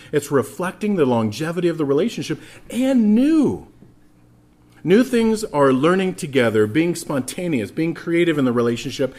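A man preaching a sermon as pastor, telling stories and speaking straight to the congregation. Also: medium pitch. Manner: animated storytelling, addresses congregation directly.

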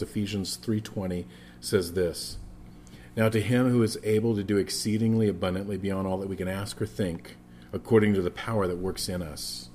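A man's voice: fairly low pitch, darkish tone, a little hiss or hum. A man preaching a sermon as a pastor, emphatic, repeating phrases for stress and often restarting his words.

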